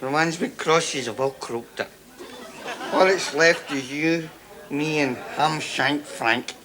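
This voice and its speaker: An actor playing an earnest Glaswegian drinking sidekick in a scripted sitcom. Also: male voice, a little high, takes it slowly, a crowd in the background. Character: scrawny Glaswegian drinking sidekick, pious-sounding.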